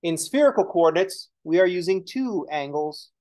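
A man's voice: sits high, expressive, normal speed, darkish tone. A man teaching a math lesson in a casual lecture style, explaining as he writes and slipping in joking, self-deprecating asides. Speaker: math instructor.

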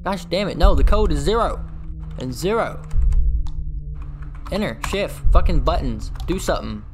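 A man giving horror game commentary, swearing constantly and yelling when he gets startled. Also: a little high, expressive, moderate pace, music in the background. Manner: swears constantly, jumpy and loud when scared. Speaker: gaming video host.

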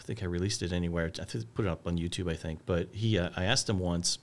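A middle-aged man with a deep voice speaks fast as a filmmaker guest. In this casual conversation he searches for words, restarting himself many times.

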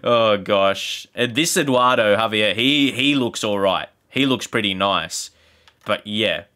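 Frustrated gamer ranting over gameplay. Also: male voice, measured pace. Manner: frustrated ranting, sarcastic, jumps into excited high exclamations. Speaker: gaming YouTuber. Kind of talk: gameplay commentary.

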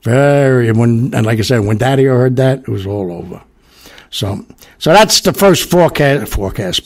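A man's voice: medium pitch, expressive, moderate pace, vocal fry, darkish tone, slightly rough, some chatter behind. An older man hosting a podcast, telling stories in a rambling, casual way full of fillers and asides. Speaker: podcast host. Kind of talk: casual storytelling monologue.

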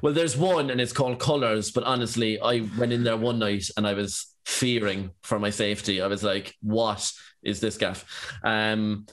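A man's voice: lowish voice, fairly even intonation, normal speed, a bit bright. A man in his twenties with an Irish accent, a podcast guest telling a long rambling anecdote full of "like" and "you know what I mean". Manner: rambling, filler-heavy anecdotes with lots of "like". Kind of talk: casual storytelling chat.

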